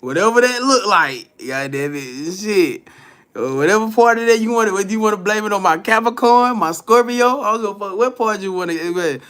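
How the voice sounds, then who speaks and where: Bright, high-voiced man chatting live. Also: fairly quick, clear, resonant tone. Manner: loose, profane and animated, laughing often, answering the chat aloud. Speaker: livestream host reading viewer comments. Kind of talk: casual unscripted live-stream chat.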